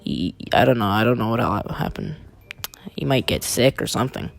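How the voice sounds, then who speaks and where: A man's voice: medium pitch, lively intonation, normal speed, gravelly, faint music behind. A young man vlogger telling a crude, exaggerated comic rant. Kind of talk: comedic rant vlog.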